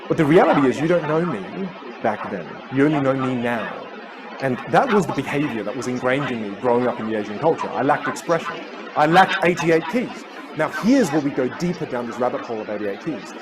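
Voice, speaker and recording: A man's voice: mid-range voice, brisk. A man whose first language is Teochew gives a keynote talk as a communication coach. He tells stories and acts out the voices. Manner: animated storyteller who acts out voices. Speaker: public speaker and communication coach. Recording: live talk with loud crowd and noise.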